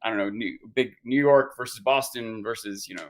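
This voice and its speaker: A man co-hosting a casual discussion, talking in a measured way and thinking aloud. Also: on the low side. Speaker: podcast co-host.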